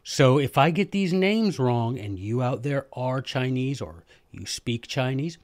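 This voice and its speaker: A man, hosting a podcast and telling history stories in a lively, joking, self-deprecating way. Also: medium pitch, a little slow, dry recording, studio quality. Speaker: podcast host, former history teacher. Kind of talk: casual history storytelling monologue.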